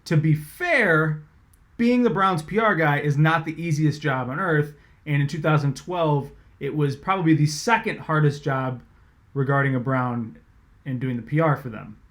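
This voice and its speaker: A man, a sports reporter, casually telling an animated, swear-laced story about his job. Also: a little high, moderate pace. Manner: animated, conversational, swears freely.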